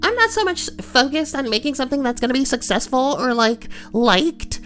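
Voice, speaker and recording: A man putting on a prissy high-voiced producer. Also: very animated, moderate pace, a bit bright, soft background music, heavily acted.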